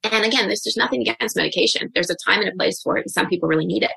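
A woman in her forties, a guest coach on a podcast interview, telling her own story in an open, reflective way with quick asides. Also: medium pitch, vocal fry, pushed and bright, husky, no echo.

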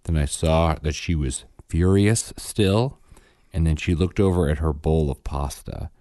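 Casual male co-host, low voice, dry close mic, animated storyteller. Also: a little slow, dry recording. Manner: animated storyteller, acts out quotes, self-correcting. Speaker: podcast co-host, father.

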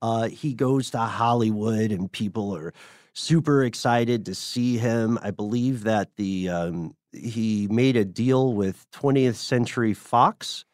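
A man co-hosting a podcast, explaining history in a measured, casual way with frequent chuckles. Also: on the low side, a little mellow, no room sound, studio quality. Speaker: podcast co-host.

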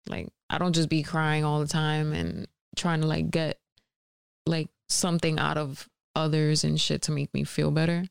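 Very low, gravelly woman speaking candidly. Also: moderate pace, dry recording, studio quality. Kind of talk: casual chat among friends.

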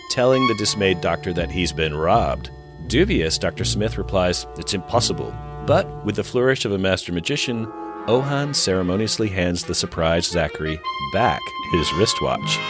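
A man co-hosting a podcast, retelling an episode's plot with wry asides between the narration. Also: deep voice. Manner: storyteller pacing, wry asides. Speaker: podcast co-host recapping an episode. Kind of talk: casual recap narration and chat.

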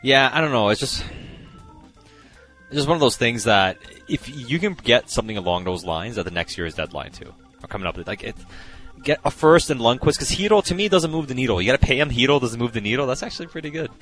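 A man co-hosting a casual podcast chat, talkative and quick to laugh. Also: mid-range voice, faint music behind. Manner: laughs often, chatty, lively. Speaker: podcast co-host, hockey analyst.

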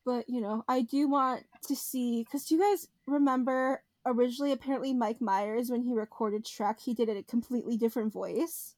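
A young woman co-hosting a podcast in casual chat, animated and laughing often as she tells stories. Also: a little high, normal speed, few pauses, dry recording. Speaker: podcast co-host.

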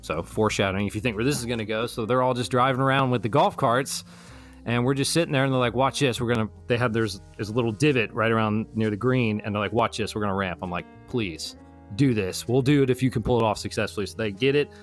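A young man casually telling a long story to friends, rambling and animated as he acts out what his friends said. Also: mid-range voice, quick pace, soft background music. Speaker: storyteller in a truth-or-lie game. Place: Florida.

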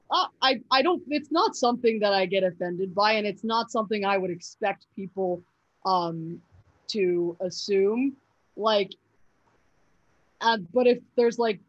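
A woman's voice: medium pitch, dry recording. Hesitant young woman, dull dry sound. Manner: hesitant, many fillers and restarts. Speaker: interview guest. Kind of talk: casual interview answers.

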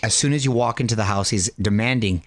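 A man's voice: lowish voice, fast. A man co-hosting a radio show, telling family stories in casual chat with frequent laughter. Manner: laughing, animated storytelling.

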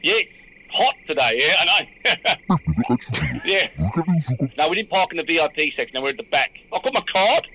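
A man on a comedy podcast, improvising a scene with cheeky, blustering chatter. His voice sits high and sounds bright and sharp. A faint noise hangs under the recording. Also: big pitch swings, moderate pace, pauses often, rough recording. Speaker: podcast host. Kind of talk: improvised comedy role-play.

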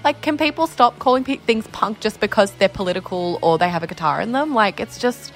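A young Australian woman in her twenties, a musician being interviewed, telling stories in a chatty, lively way full of acted-out quotes. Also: mid-range voice, a little fast, soft background music. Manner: chatty, animated storytelling with lots of "like" and acted-out quotes. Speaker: musician guest. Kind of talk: candid casual interview.

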